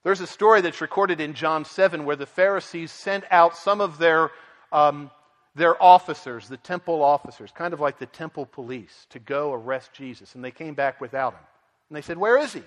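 A man's voice: fairly high pitch, normal speed, a bit bright, in a large hall. A man preaching an earnest expository sermon, at times voicing the people in the story with dramatic emphasis. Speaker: pastor.

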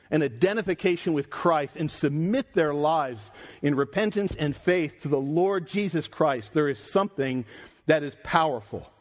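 A man preaching a sermon in an earnest, emphatic way, his voice rising and falling for emphasis. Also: a little high.

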